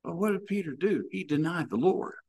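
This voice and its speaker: A man's voice: fairly high pitch, lively intonation, fairly quick, a little mellow, slightly rough. A man preaching a sermon, telling stories and acting out the voices in them. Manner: storytelling preacher, acts out voices in anecdotes.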